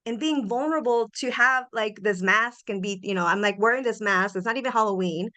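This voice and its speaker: A middle-aged woman hosting a podcast, sharing personal reflections in an earnest, animated way with frequent restarts. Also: a little high, a little fast, hardly any pauses. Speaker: podcast host.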